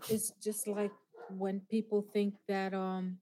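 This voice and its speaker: A woman co-hosting a podcast in casual chat, reacting with quick exclamations and retelling stories. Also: medium pitch, flat delivery, dark tone. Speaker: podcast co-host.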